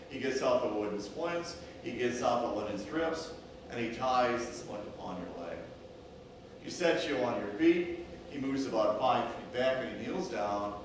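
A man preaching a sermon as pastor, telling a story and acting out the voices of an injured sheep and a calm shepherd. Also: mid-range voice. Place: church sanctuary. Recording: echoey church, distant mic, noisy.

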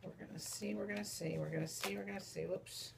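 Talking fast in a steady, gravelly, medium-pitched voice, a vlogger unwraps mail from friends amid background noise. It's a casual unboxing chat full of cooing and gushing over small gifts, addressed to viewers and to the objects themselves.

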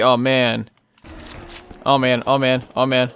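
This young gaming-channel host has a mid-range voice and takes his time, with slight background noise in the recording. His commentary is a casual play-by-play, and he grows excitable, shouting in frustration whenever things go badly.

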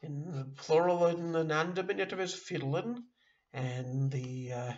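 A middle-aged man teaching a beginner language lesson online, halting often with fillers and restarting words. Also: on the high side, dull audio. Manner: halting, with frequent uh and self-corrections. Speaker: Yiddish teacher.

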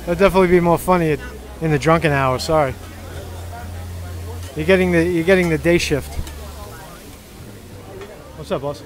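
A man's voice: fairly high pitch, normal speed, long pauses, a faint crowd. A man walking a street festival for his vlog, chatting casually and teasing people he meets. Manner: joking, teasing banter. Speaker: street vlogger.

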